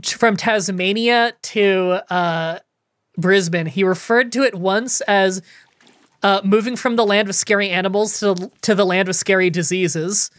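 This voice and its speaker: A woman's voice: mid-range voice, fairly even intonation, a little slow, no echo. A woman hosting casual multiplayer gameplay commentary from her home studio, chatty and prone to rambling anecdotes with casual swearing. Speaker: gaming channel host.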